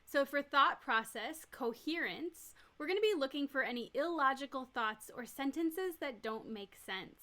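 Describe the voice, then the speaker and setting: Female nurse educator, somewhat high and bright voice, plain step-by-step lecturing. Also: expressive, normal speed, few pauses. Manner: clear, step-by-step explaining with everyday examples. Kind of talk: recorded teaching lecture.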